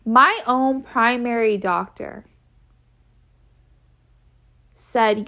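Woman, casual storytime, unhurried delivery, slightly high pitch, emphatic, repeats phrases. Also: fairly bright tone. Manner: frank and conversational, with fillers. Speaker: vlogger telling a personal story.

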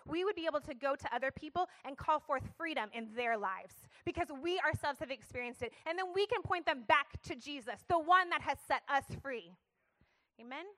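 A woman's voice: high voice, sharp tone. A young adult woman giving a passionate, emphatic sermon-style talk to a church audience, calling for responses. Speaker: speaker sharing her story at church.

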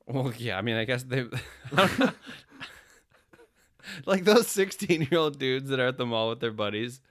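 A man's voice: medium pitch, animated, measured pace. A man in his thirties co-hosting a podcast, joking casually and laughing often. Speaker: podcast co-host. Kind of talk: casual chat.

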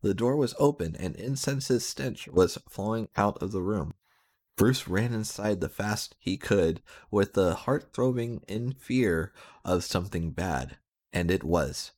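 Male reader, very low voice, sarcastic comedic reading of bad fan fiction. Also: expressive, a little slow, darkish tone. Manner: sarcastic, breaking into laughter.

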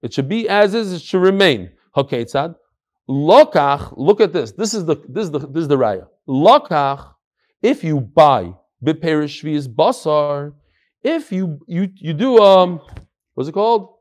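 Brief: male Torah teacher, fairly high voice, lively storyteller who repeats phrases to drive a point home. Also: a little slow. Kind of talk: Talmud class with stories.

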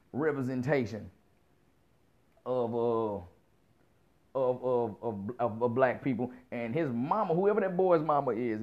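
A man's voice: medium pitch, a little mellow. A man giving a casual opinion monologue, blunt and profane, repeating himself for emphasis as he rants. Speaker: commentator. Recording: dull lo-fi sound.

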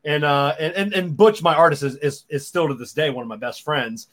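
A man's voice: a little high, a little fast, a bit bright. A man telling a story in casual chat, repeating his first words as he stammers into sentences.

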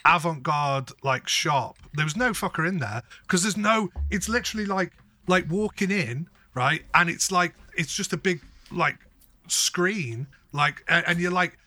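Swearing, animated man. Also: a little high, a little slow, dry recording. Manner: animated storytelling, heavy swearing. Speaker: podcast co-host. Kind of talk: casual chat.

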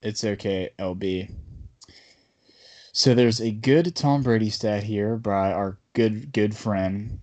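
A man's voice: on the low side, fairly even intonation, slow pace, a little mellow. A man hosting a casual sports podcast, talking in a rambling, bantering way. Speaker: podcast host.

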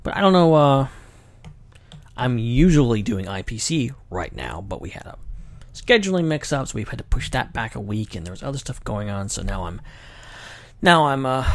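A man hosting a casual podcast, rambling along in a self-deprecating, jokey way. His voice has a gravelly edge and swings widely in pitch. The sound is dry and close, with no room around it. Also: dry recording. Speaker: podcast host. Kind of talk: casual livestream chat.

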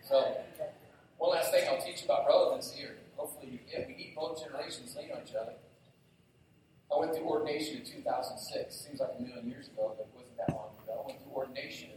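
Pastor in a very echoey church. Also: male voice, mid-range voice, fast, recorded from a distance, noisy background. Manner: lively storytelling, self-mocking humor. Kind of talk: sermon. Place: church sanctuary. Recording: very echoey hall, heard from afar.

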